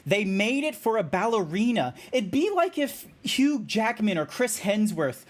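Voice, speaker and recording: Excitable Australian man rambling on stream. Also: high voice, measured pace. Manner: rambling, excitable, laughs at his own trivia. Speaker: VTuber streamer. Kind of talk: casual game stream chat.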